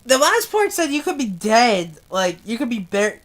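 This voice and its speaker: A woman's voice: fairly high pitch, big pitch swings, normal speed, few pauses. A young woman reading a novel aloud, emotional and often swearing as she reacts. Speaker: book reader.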